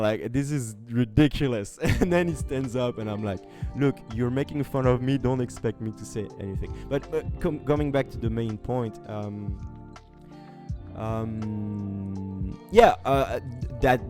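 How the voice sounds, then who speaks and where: A competitive gamer from France, speaking with a French accent in a mid-range, mellow voice, tells a story casually as a podcast guest. He uses lots of fillers, restarts his sentences, and slips into French.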